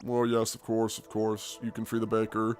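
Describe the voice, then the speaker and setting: A man's voice: lowish voice, monotone, moderate pace, darkish tone, smooth, soft background music, natural voice. A man voicing a fussy elderly male professor in a game, prim in manner.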